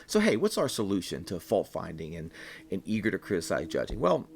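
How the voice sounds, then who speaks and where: Guy with a lowish voice doing a quick bible devotional, earnest, plain talk, repeats his points for emphasis. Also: very animated, vocal fry. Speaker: Bible teacher. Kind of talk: short devotional teaching.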